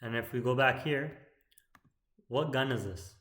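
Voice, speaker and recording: A man teaching poetic meter in an explanatory lecture, often checking in with "right?" and chanting verse lines slowly. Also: medium pitch, fairly bright tone, echoey room. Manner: keeps asking "right?" as he explains.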